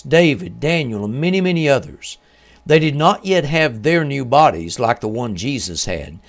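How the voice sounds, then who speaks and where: Male radio host, measured scripted religious narration, solemn and even-pitched.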